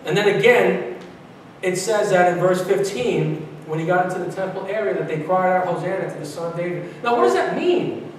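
High-voiced New pastor, echoey church. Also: male voice, fairly quick, distant mic, a little hiss or hum. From Brooklyn, New York. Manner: animated preaching with frequent restarts and repetitions. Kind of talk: sermon. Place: large church sanctuary.

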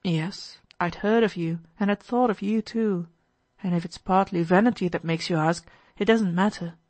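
A gentle, earnest young man, as a woman reader puts him on, in a lowish, steady voice. He speaks with calm, kind sincerity, recorded dry and close for an audiobook. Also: moderate pace, no echo, close to an everyday voice. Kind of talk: audiobook character voice.

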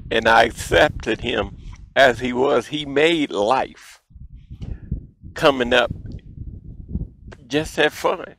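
Gravelly folksy man telling stories. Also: medium pitch, slow pace, pauses often, poor audio. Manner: folksy, animated storyteller. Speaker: show host. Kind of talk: storytelling childhood memories.

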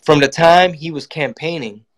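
Male comedian, somewhat high voice, profane and animated monologue style. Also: normal speed. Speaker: comedian and channel host. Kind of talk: casual political monologue.

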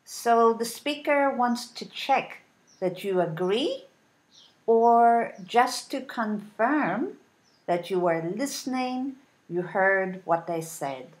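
Slow, careful woman teaching English. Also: mid-range voice. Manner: deliberate, clearly enunciated modeling of intonation.

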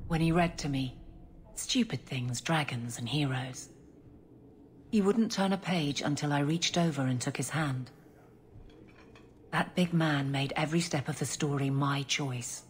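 An actress voicing a grieving woman guard captain who speaks in a quiet, restrained, plainspoken way. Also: deep voice, a little hiss or hum, close to an everyday voice.

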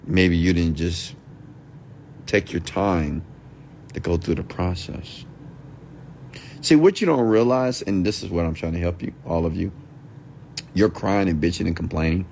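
A man's voice: deep voice, measured pace, vocal fry, long pauses, darkish tone, a little hiss or hum. A middle-aged man, an entrepreneur and mentor, hosting a late-night livestream rant in a blunt, profane manner. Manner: blunt, profane, mocks whiny voices.

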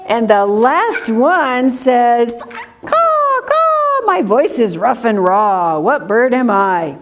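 At a children's story time, a woman reads picture books aloud slowly and in a sing-song manner, asking questions and making animal sounds. Her voice is fairly high and animated, with noise in the background.

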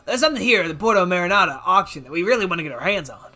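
A rowdy old man of a gym leader bellows his lines in a thick Southern drawl, voiced by a gamer reading a video game aloud. The pitch leaps all over the place and the tone is bright and sharp. Faint game music plays underneath. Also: expressive, rapid-fire. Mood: boisterous. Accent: American Southern (put on). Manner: boisterous, drawling, exclamatory.

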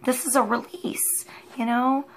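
A woman giving an unscripted tarot reading, musing and halting as she thinks aloud with many pauses. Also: fairly high pitch, flat delivery. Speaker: tarot reader.

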